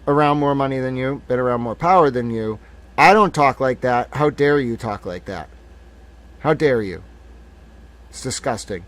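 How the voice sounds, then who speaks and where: A man's voice: mid-range voice, a bit bright, dry recording. A man in his thirties hosting a live stream, ranting in a heated, profane way. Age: 30s. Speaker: livestream host.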